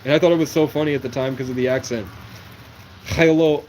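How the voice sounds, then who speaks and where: A man's voice: medium pitch, steady tone, very fast, darkish tone, slight background noise. A man in his twenties from New England, talking in a rambling livestream monologue that jumps from one conspiratorial topic to the next. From New England, USA. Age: 20s.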